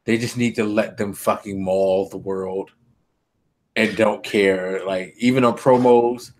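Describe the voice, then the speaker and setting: A man's voice: fairly low pitch, a little slow. A man co-hosting a podcast, chatting casually about wrestling, swearing freely and laughing often. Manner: laughing, profane, animated impressions. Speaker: podcast co-host.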